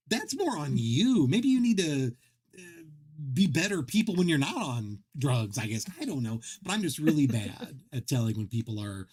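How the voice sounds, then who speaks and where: A man hosting a game livestream who tells long, rambling, self-deprecating stories, restarting his sentences often. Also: on the high side. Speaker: livestream host. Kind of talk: casual chat while streaming a game.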